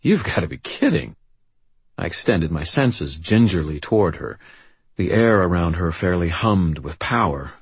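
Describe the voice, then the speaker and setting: A man reading a first-person novel aloud as an audiobook narrator, in a measured, wry storytelling manner. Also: low-pitched, husky, no echo.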